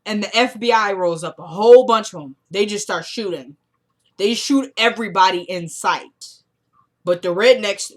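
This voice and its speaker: A woman giving a casual, animated recap of a TV episode as a reviewer, telling the story in colloquial speech and acting out the characters' lines. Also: medium pitch.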